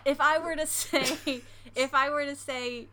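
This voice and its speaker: A woman's voice: sits high, steady tone, measured pace, bright, forceful tone. An American woman who works in a coffee shop, chatting casually on a podcast with lots of laughter and filler words. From United States. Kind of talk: casual chat.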